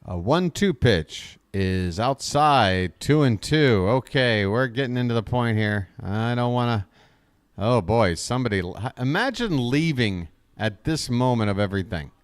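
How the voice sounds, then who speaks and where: Man, fan streamer calling baseball live; unhurried, very expressive pitch, talks to his chat. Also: clear, resonant tone, no room sound. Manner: chatty, talks straight to his chat viewers; gets excited on big plays. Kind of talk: live fan play-by-play commentary.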